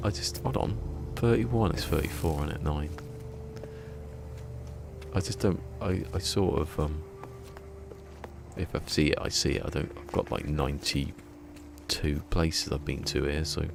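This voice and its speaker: A man's voice: rumbling low, steady tone, measured pace, vocal fry, pauses often, background noise. A man streaming a game live, rambling and muttering to himself as he plays. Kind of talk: casual live gameplay commentary.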